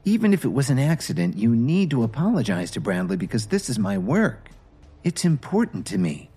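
A man voicing a polite young wife who speaks gently and in a hurry. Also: medium pitch, big pitch swings, breathy edge. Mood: polite, gentle. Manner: gentle, hurried, placating. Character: young wife, polite and busy office worker.

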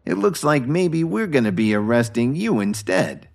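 A man's voice: medium pitch, big pitch swings, moderate pace, vocal fry, pitched above the performer's own voice. A man voicing a sneering gang boss. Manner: snarling, scoffing.

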